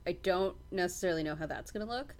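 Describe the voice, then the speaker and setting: A woman's voice: lowish voice, fast talker. A woman hosting a casual podcast chat, easily amused and earnest when sharing her views. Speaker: podcast host.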